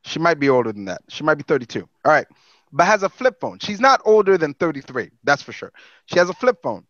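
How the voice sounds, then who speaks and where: A man on a podcast telling a story in casual, profane, animated talk. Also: on the high side, fast, no room sound, muffled recording. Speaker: podcast co-host.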